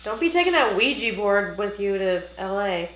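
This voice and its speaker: A woman's voice: mid-range voice, moderate pace, reverberant, a little hiss or hum, poor audio. A woman giving casual, jokey reaction commentary as she watches a film and reviews it. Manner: animated, jokey, squeamish asides. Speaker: movie reviewer.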